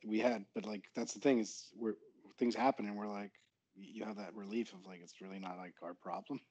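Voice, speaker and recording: Casting: man, slightly low voice, relaxed halting conversational delivery. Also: lo-fi sound. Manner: loose, halting talk with many fillers. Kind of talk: casual chat.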